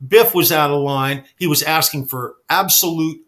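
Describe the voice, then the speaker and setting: A man telling backstage stories in a casual chat, animated and swearing freely. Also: a little high, moderate pace. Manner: animated, acts out quoted dialogue, swears freely. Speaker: guest storyteller.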